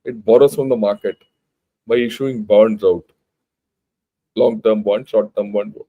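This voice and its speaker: Over phone-quality sound, this older Indian-accented retired general and channel host speaks in a lowish, fairly even voice at a slightly slow pace. He reads the news and talks bluntly and emphatically, often restarting his sentences in a conversational way.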